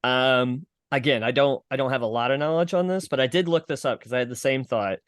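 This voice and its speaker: A man's voice: mid-range voice, brisk, clear, resonant tone, no echo. Young man, comedian guest, casual podcast chat, swears a lot, rambling, dry close sound. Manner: profane, rambling explanations.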